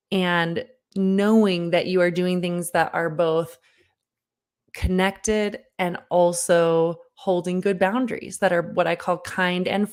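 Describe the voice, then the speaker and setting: Earnest woman coaching parents. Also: on the low side. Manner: earnest, direct address to the listener; lively storyteller who acts out her own past lines. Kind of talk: online workshop talk with personal story.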